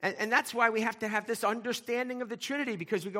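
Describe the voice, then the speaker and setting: A man's voice: very high-pitched, steady tone, quick pace, bright, forceful tone. A man preaching a sermon as lead pastor of a church, emphatic, repeating key lines and asking rhetorical questions.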